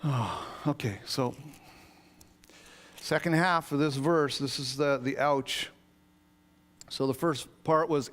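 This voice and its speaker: A man, an associate pastor, preaching a sermon in a conversational yet emphatic way, with sudden swells of excitement. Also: medium pitch, slow pace, pauses often. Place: church sanctuary.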